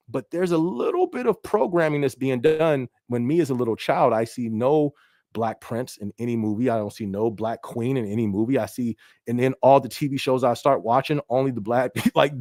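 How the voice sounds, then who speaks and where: On his casual podcast stream, a rapper reads out viewer comments in a relaxed way, checking in often with "you know what I mean." His medium-pitched, slightly mellow voice has lively intonation at a moderate pace, captured in a dry, clean studio recording.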